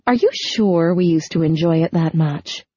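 A woman reading a well-meaning but nagging middle-aged mother, fussy and gently scolding. Her voice is mellow and a touch husky, recorded close and dry. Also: low voice, moderate pace, dry recording, dull audio. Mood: fussing.

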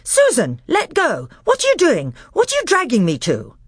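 A woman reading aloud, voicing the eldest schoolboy, brisk and sensible. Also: high-pitched, huge pitch swings, husky, no room sound, clean studio sound, pitched above the performer's own voice, heavily acted. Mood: alarmed. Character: eldest schoolboy, steady and leading.

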